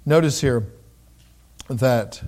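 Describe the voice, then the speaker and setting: This middle-aged pastor preaches conversationally, pausing and restarting, in a mid-range voice with a darkish tone. When he reads scripture, he raises his voice.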